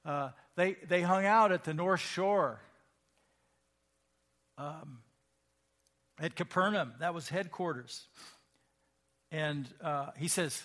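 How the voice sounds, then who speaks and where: A man's voice: a little high, slow, pauses often, fairly bright tone. A male pastor preaching a sermon in a conversational, emphatic way, asking the congregation questions.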